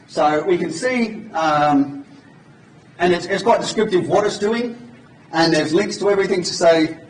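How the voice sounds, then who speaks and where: A man's voice: high-pitched, a little slow, a little hiss or hum. A man at a conference giving an informal, joking live coding demo to an audience in a large hall. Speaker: conference speaker. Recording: echoey hall from far off.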